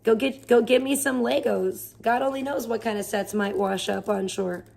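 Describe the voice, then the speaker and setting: A woman's voice: on the high side, steady tone, moderate pace, vocal fry, darkish tone. A woman live streamer chatting casually, rambling and swearing as she rants in exasperation. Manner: rambling, profane, exasperated ranting. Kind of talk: casual chat.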